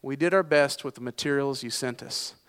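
A man voicing a calm, matter-of-fact angel in a sermon story, delivered plainly and deadpan. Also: mid-range voice, fairly quick, clean tone, lightly acted.

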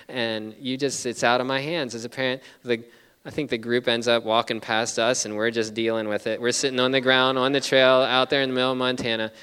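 A man's voice: medium pitch, a bit bright, clean tone. A middle-aged man preaching a sermon, telling a story earnestly with many restarts. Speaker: pastor. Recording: long reverb of a large hall.

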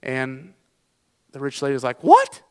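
A man's voice: on the high side, normal speed, a bit bright, smooth, big-room sound. A middle-aged man preaching a sermon as pastor, folksy and self-deprecating, with frequent restarts.

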